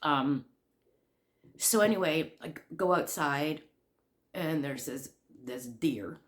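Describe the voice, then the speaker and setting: Speaking unhurriedly in a somewhat low voice, this woman from Canada shares a story in a casual vlog for her crochet channel. She retells it animatedly, rambling, restarting, and leaning on ums and uhs, while her room echoes.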